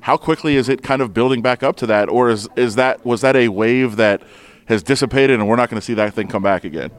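A man's voice: medium pitch, fairly quick. A man hosting a casual roundtable, joking and asking questions. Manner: joking, chatty, asks questions. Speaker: host.

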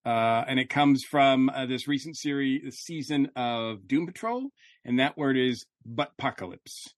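A man's voice: mid-range voice, measured pace, no echo, clean studio sound. A man hosting a podcast in casual chat, upbeat and jokey with plenty of fillers. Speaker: podcast host.

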